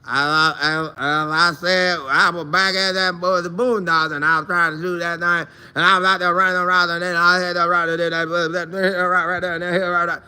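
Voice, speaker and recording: A man's voice: sits high, little pitch movement, moderate pace, few pauses, pushed and bright, clean tone. A man imitating a young male football receiver who rambles in a slurred, repetitive mumble. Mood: rambling.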